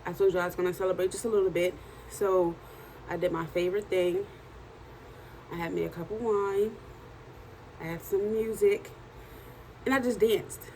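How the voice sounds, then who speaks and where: A woman in her thirties with a hoarse, worn-out voice, chatting in a casual video diary at home at night, tired and animated as she tells stories. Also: fairly low pitch, moderate pace, pauses often, a little hiss or hum, poor audio. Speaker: vlogger and journal author.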